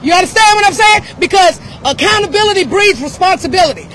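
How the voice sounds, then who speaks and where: A woman giving an impassioned, confrontational public speech outdoors, shouting at times. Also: extremely high pitch, animated, fast, slight background noise. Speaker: speaker at a press event.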